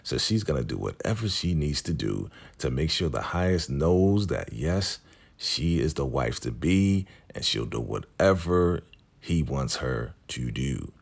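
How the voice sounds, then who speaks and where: Gravelly low-voiced man recapping a show. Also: measured pace. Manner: animated, conversational, acts out scenes. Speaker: recap host. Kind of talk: casual TV episode recap.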